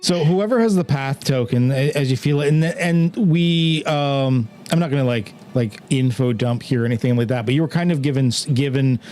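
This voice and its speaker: A man's voice: medium pitch, a little fast, hardly any pauses, darkish tone, faint music behind. Rambling man running a tabletop game. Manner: rambling, filler-heavy explaining. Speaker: game master.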